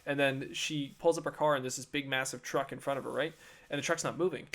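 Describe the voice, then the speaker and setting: A man's voice: mid-range voice, fairly even intonation, fast, fairly bright tone. A young man co-hosting a casual podcast, rambling through a story with many fillers. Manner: rambling, lots of fillers and retold quotes. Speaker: podcast co-host. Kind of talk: casual chat.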